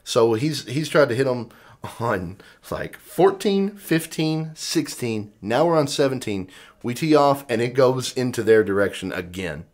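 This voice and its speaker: A man's voice: medium pitch, animated, measured pace. A man co-hosting a podcast, chatting casually and acting out the people in his stories. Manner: rambling storyteller, acts out quotes. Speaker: podcast co-host. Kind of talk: casual chat.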